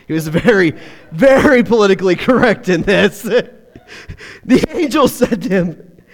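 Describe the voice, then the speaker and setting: Preacher, man, lively swinging delivery, chatty jokes, reverberant hall. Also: high voice, measured pace. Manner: joking, chatty, laughs often. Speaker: pastor. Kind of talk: sermon with casual asides.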